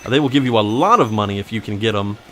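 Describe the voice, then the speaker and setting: A man's voice: lowish voice, fast, fairly bright tone, a little hiss or hum. A man giving casual, joking gameplay commentary who rambles into silly made-up backstories. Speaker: let's play commentator.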